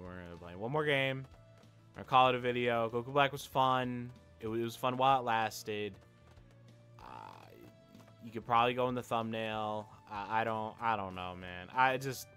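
Young man, gameplay commentary, ranting and cursing, very bright tone, very smooth clear voice. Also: lowish voice. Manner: ranting, frustrated, swears often; repeats and restarts phrases. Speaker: gaming video creator.

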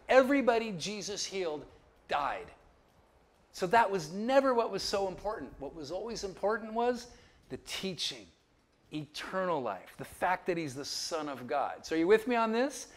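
A man teaches a Bible lecture with a somewhat high voice that rises and falls a great deal. He keeps checking that listeners follow him and drops in chuckling asides. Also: sing-song, unhurried.

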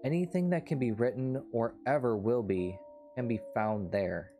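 A man's voice: mid-range voice, normal speed, warm tone, soft background music. A man streaming a story game, reading its dialogue aloud and playfully switching between put-on voices. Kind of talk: voicing characters in a story game playthrough.

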